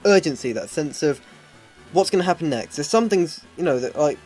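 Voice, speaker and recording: A man's voice: on the high side, expressive, brisk, darkish tone. A man gives rambling, hesitant live commentary on a video game, with plenty of ums and restarts. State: voice starting to hurt. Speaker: let's play commentator. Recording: faint game music behind.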